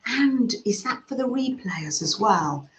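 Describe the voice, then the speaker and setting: A woman gently chatting with her livestream viewers and reading their comments aloud, with soft murmurs and coos. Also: mid-range voice, expressive, a little slow, a little hiss or hum. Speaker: craft livestream host. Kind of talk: casual chat reading live comments. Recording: slightly dull sound in an echoey room.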